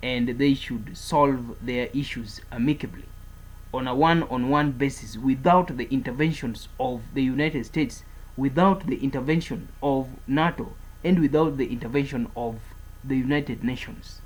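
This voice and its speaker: A man's voice: mid-range voice, moderate pace, poor audio. A man giving a political commentary monologue, speaking in an emphatic, repetitive way as he declares and warns.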